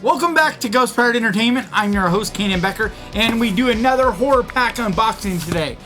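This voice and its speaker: A host chatting casually to camera in an unboxing vlog, upbeat and quick to laugh. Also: medium pitch, lively intonation, fairly bright tone, soft background music. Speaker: host of an unboxing video channel.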